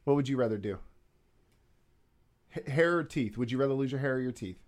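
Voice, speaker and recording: A man's voice: medium pitch, animated, a little fast. A man hosting a casual podcast, joking and blunt, who swears freely. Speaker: podcast host.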